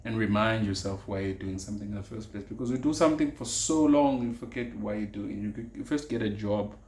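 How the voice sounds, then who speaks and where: A man's voice: fairly low pitch, quick pace, a little mellow. A young South African man hosting a casual solo podcast. He talks earnestly, repeats his key phrases and drops Zulu words into his English. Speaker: podcast host. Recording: echoey room with faint ambience.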